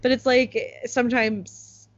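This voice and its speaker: Here a young American podcast host speaks slowly and flatly in a fairly high voice. Her talk is casual and chatty, sprinkled heavily with "like," captured on a somewhat muffled recording.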